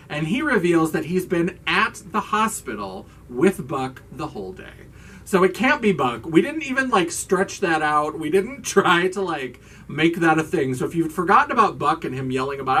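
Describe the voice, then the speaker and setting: A woman hosting her channel, recapping a horror film in a casual, animated way and acting out the characters' lines. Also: sits low, fairly quick, recorded from a distance, slight background noise. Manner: animated, acts out characters' lines, swears for laughs. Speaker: host.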